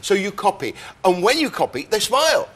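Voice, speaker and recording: An older man explaining science facts on a chat show, animated, breaking into quick impressions of sounds and voices as he goes. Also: sits high.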